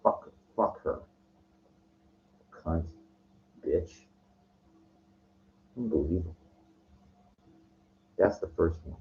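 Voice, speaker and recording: A man's voice: sits low, slow, long pauses. A man telling a story in a casual rant, agitated and profane, often stumbling and restarting his sentences. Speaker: vlogger. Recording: dull lo-fi recording.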